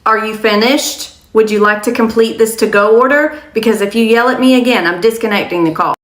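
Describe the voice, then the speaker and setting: A woman telling comic restaurant stories as a server, sarcastic and deadpan. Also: fairly high pitch, brisk. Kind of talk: comedic storytelling. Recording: roomy echo with music.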